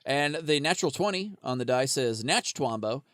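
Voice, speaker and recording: A man's voice: a little high, lively intonation, brisk, fairly bright tone, no room sound, studio quality. A man co-hosting a podcast, rambling casually with lots of swearing and laughter. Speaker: podcast co-host.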